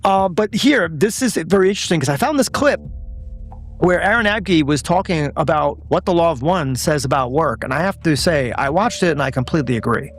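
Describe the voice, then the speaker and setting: Man, raised pitch, earnest opinionated presenter, faint music behind. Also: expressive, fairly quick. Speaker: online show host. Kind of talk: talking to camera.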